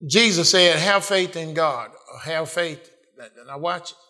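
Male preacher, high-pitched and fervent, heavy on the amens. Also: measured pace. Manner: fervent preaching with repeated amens and rising emphasis; swings between quiet asides and loud declarations. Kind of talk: sermon.

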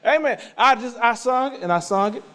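A man's voice: very high voice, fairly quick, pushed and bright, clean tone, big-room sound. A man preaching in a church, telling a personal testimony with many amens and half-sung repeated phrases. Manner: conversational storytelling with frequent amens. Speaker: pastor. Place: church sanctuary.

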